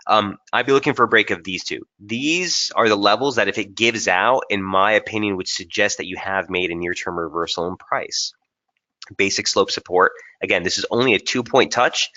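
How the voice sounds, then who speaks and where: Low-voiced man explaining trading charts. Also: pushed and bright, dull audio. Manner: casual, thinking aloud with frequent fillers and restarts. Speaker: trading webinar presenter. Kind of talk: live chart analysis webinar.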